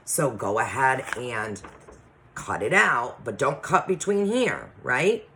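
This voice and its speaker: A woman teacher reading a chapter book aloud to her class and then giving assignments, patient and deliberate, often checking in with the children. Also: extremely low pitch, animated, fairly bright tone, a little hiss or hum.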